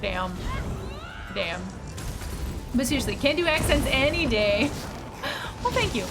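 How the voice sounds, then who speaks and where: An excitable American woman chats with her stream audience as she plays, her voice pitched a little high and quick to laugh. Game music plays clearly underneath. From United States. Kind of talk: casual live-stream chat while gaming.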